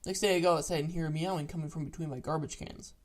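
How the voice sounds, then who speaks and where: Deadpan narrator reading greentext stories. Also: medium pitch, fast. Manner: deadpan, matter-of-fact, casual swearing. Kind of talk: reading internet stories aloud.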